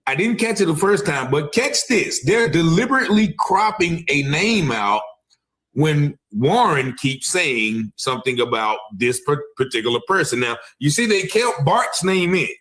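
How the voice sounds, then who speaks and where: A man's voice: a little high, very animated, unhurried, a bit bright. A man hosting a true-crime commentary show, talking emphatically and hedging his claims with "allegedly". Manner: emphatic, repeats "allegedly", stops to replay clips. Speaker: commentary channel host.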